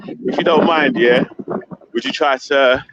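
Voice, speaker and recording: A man's voice: mid-range voice, unhurried, muffled recording. A man hosting a live show from his phone outdoors in the wind, laid-back and slangy. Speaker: show host. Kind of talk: casual live-stream hosting.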